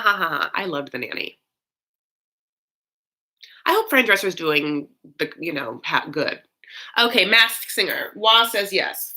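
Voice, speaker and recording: A woman hosting a casual chat, talking loosely with many fillers and swinging between high and low. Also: sharp tone. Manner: chatty, swoops high and low, frequent fillers; campy, calls listeners honey. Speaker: host.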